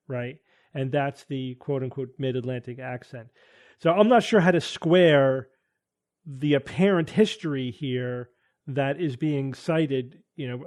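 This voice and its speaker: A man leads a casual podcast panel, working through an idea out loud. His voice sits slightly high for a man, and he hedges and restarts often as he reasons. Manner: thinking aloud, hedging, frequent restarts. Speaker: podcast host.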